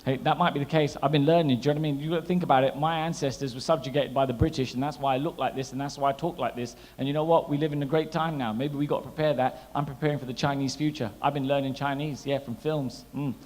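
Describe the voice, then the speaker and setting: A man in his thirties doing a stand-up comedy set, chatty and animated, teasing the crowd. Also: mid-range voice, quick pace, hardly any pauses. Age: 30s. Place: large hall at a gala dinner. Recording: long hall reverb.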